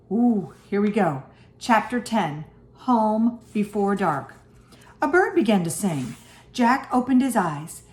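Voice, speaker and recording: Woman teacher for a read-aloud, slow and animated, in an echoey room. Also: mid-range voice. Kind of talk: reading a chapter book aloud to students.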